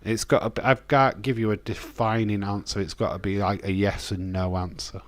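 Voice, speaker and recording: A man hosts a casual wrestling watch-along livestream, joking with his chat, reading viewer comments aloud, and laughing often. His voice is lowish and level, and he talks a little fast.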